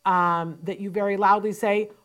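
A woman hosting a parent advice show, talking emphatically and quickly with frank asides into a studio microphone. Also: medium pitch, fairly even intonation, fairly bright tone. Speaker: host and parent advocate.

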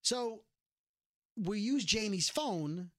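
A man's voice: high voice, animated, drawn-out words, fairly bright tone, dry recording, studio quality. A man from Brooklyn with a New York accent, co-hosting a podcast in rambling, joking casual chat. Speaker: podcast co-host.

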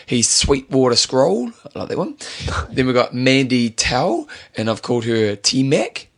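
A man's voice: mid-range voice, huge pitch swings, measured pace. A man co-hosting a casual podcast, joking as he reads out names. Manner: jokey, playful, reads out names. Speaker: podcast co-host. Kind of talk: casual chat.

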